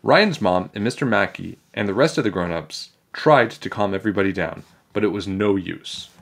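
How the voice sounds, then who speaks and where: A man reading a children's chapter book aloud in a playful, animated way. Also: lowish voice, moderate pace, vocal fry. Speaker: storybook reader.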